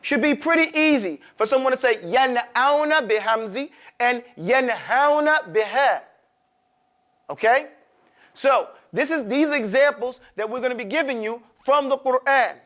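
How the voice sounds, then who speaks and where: A man's voice: very high-pitched, expressive, measured pace, a bit bright. A man teaching Quran recitation to a class, drilling pronunciation and checking in often. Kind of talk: classroom lesson.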